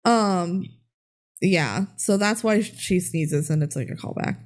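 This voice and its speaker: A woman's voice: lowish voice, measured pace. Laughing, swearing woman podcast co-host. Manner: laughs often, swears casually, animated retelling. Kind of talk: casual chat recapping a movie.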